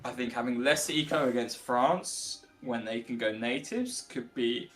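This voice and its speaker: A young male caster on a live stream, breaking down the match in chatty, analytical play-by-play. His mid-pitched voice has a bright, forward edge, picked up close on a headset. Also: unhurried, soft background music. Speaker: esports caster. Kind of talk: live esports commentary.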